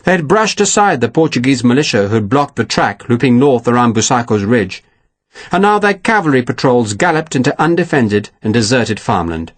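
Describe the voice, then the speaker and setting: A man reads an audiobook in a husky voice with a lot of rise and fall in pitch. The sound is dry and close, and his telling is steady and expressive. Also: moderate pace, dry recording. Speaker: audiobook narrator. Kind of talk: scripted narration.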